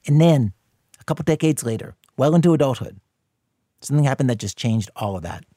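A man hosting a radio show, introducing a story in a calm, conversational scripted way. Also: medium pitch, a little fast, no room sound, studio quality.

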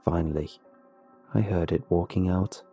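A man narrating a scripted horror story in a measured, somber way. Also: sits low, steady tone, dark tone, soft background music.

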